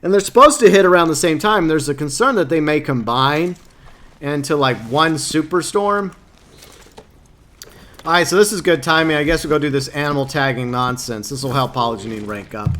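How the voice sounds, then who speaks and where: A man's voice: a little high, normal speed, long pauses, fairly bright tone. Chatty man rambling to stream chat. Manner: rambling, stumbling over words, self-mocking. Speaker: live game streamer. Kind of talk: casual chat with viewers while gaming. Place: home streaming setup, Louisiana.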